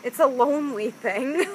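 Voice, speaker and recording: A woman's voice: high-pitched, background noise. A woman co-hosting a knitting podcast, chatting casually and laughing often, with lots of "like" fillers. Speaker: podcast co-host. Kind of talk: casual chat.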